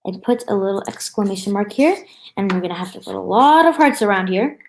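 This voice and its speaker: A woman's voice: medium pitch, expressive, fairly quick, a little hiss or hum, low-quality recording. A woman hosting a craft tutorial at a table, talking casually through each step with many fillers and restarts. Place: indoors at a table.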